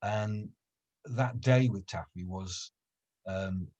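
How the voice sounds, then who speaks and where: A storyteller, a man, tells anecdotes in relaxed conversation, stumbling and restarting as he goes. His voice is on the low side with a husky edge. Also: muffled recording. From Wales. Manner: halting, with frequent restarts and repeated words. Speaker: professional storyteller. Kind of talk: casual conversation, recounting anecdotes.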